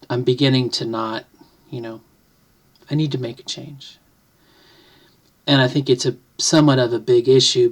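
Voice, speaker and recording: Sitting at a computer desk at home, a middle-aged trans woman vlogger talks casually to the camera in a very deep voice. She's thoughtful and reflective, rambling along with many restarts and self-deprecating jokes.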